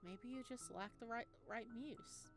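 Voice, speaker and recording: A woman's voice: on the high side, a little slow, soft background music, natural voice. A woman voicing an anxious, doting middle-aged mother who frets and exclaims. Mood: fretful. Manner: fretful and exclaiming.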